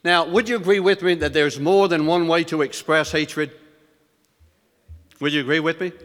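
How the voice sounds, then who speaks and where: A male preacher delivering a sermon with deliberate emphasis, questioning the congregation and reading scripture in lifted tones. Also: fairly high pitch, fairly even intonation, a bit bright, in a large hall. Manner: reads scripture in elevated, rising tones.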